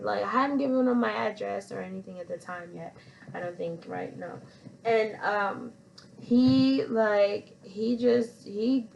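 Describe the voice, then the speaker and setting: A woman vlogger telling a story in a relaxed, rambling way, circling back on herself often. Her voice sits at a middle pitch with a gravelly fry, and a faint hiss runs behind her. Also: poor audio. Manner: rambling, full of fillers and restarts. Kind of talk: casual storytelling to camera.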